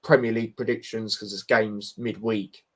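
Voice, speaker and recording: A man's voice: lowish voice, flat delivery, moderate pace, fairly bright tone. Laid-back young man streaming. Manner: laid-back, banter-heavy, frequent fillers like mate and bro. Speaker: football livestream host. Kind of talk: casual livestream chat reading viewer comments.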